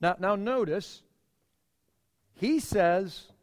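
A middle-aged male pastor preaching a sermon, emphatic, with dramatic pauses and repeated phrases. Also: sits high, in a large hall.

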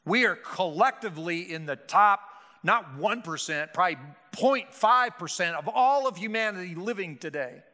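A man's voice: high-pitched, expressive, moderate pace, sharp tone. A male pastor preaching a sermon with emphatic, rhetorical delivery and frequent restarts. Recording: hall reverb.

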